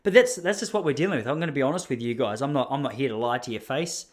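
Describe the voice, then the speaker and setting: A man's voice: medium pitch, racing. An Australian man hosting a podcast, telling a rambling, self-deprecating story and often laughing. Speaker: podcast host. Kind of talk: casual storytelling monologue.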